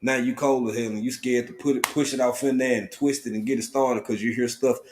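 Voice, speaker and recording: A man of middle pitch hosts a casual live stream from home. He talks in a loose, relaxed drawl and calls out viewers by name, breaking into sudden excited bursts of greeting. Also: fairly quick, slight background noise.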